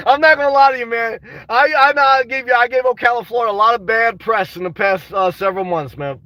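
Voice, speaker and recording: High, bright-voiced man on a livestream. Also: a little fast, no echo, far from the mic. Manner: restless, says "man" constantly, swings to shouting. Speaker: vlogger reading live chat. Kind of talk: emotional livestream chat.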